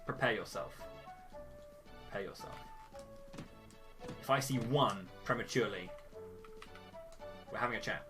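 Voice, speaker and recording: A man's voice: fairly low pitch, unhurried, long pauses, music in the background. A man commenting playfully and jokily on his own live game speedrun. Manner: jokey, playful, theatrical.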